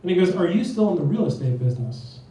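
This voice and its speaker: A man's voice: high voice, lively intonation, fast, dark tone, slight background noise. A young man from New Jersey doing a profane stand-up comedy set, brashly acting out both sides of text conversations in raised voices. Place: comedy club stage. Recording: echoey club sound from far off.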